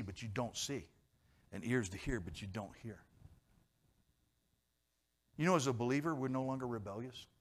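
A man preaching a sermon in church, questioning his congregation and swinging between emphatic loud lines and quiet low ones. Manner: repeats and restarts words, asks questions of the congregation. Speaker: pastor.

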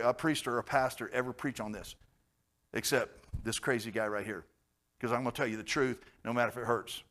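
A man preaching a casual Bible teaching in a blunt, conversational way, with joking asides and sudden loud stresses. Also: mid-range voice.

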